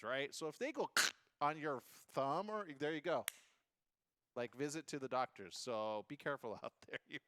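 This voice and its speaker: Man, talk-show host, animated swooping delivery, dry close studio sound, jokey and chatty. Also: on the high side, no room sound. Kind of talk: casual talk-show chat.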